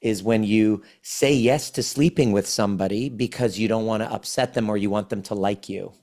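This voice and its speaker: Speaking at normal speed, the man's lowish voice sounds a little mellow. He's a forties-aged trauma healing coach guesting on a podcast interview, earnestly explaining and frequently starting his phrases over.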